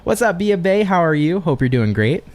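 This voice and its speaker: A man's voice: high-pitched, very animated, moderate pace, a little mellow. A man giving a chatty, upbeat tarot reading on a live stream, with casual slang and swearing. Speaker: tarot reader.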